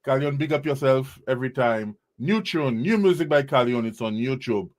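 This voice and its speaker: A man's voice: mid-range voice, lively intonation, normal speed. A man hosting a live music show from a studio, hyping the artists and laughing often. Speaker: show host.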